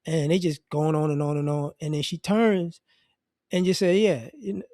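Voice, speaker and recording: A man with an African American English accent gives an animated, casual opinion monologue and keeps restarting his sentences. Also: a little high, normal speed, no room sound, clean studio sound. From United States. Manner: animated, acts out quoted voices, frequent restarts. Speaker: commentary vlogger.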